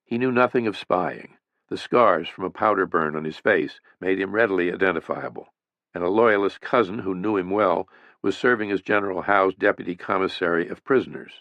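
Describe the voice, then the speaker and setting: Low-voiced man narrating a history audiobook. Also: no echo, lo-fi sound. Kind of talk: scripted narration.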